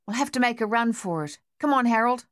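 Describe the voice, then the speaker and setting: A woman's voice: fairly high pitch, expressive, fairly quick, no room sound, studio quality, voice pushed up, natural voice. A woman voicing a young male Australian soldier, urgent and coaxing his friend to move.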